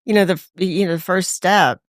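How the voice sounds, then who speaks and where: A woman's voice: lowish voice, fairly quick, no room sound, clean studio sound. A woman, a podcast guest, telling her recovery story in candid conversation, acting out quoted voices and laughing often.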